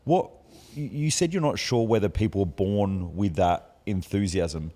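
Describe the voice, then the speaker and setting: A man hosting a podcast interview, agreeable and relaxed, asking questions. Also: fairly low pitch, moderate pace. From not from the USA. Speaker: podcast host. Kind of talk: casual interview.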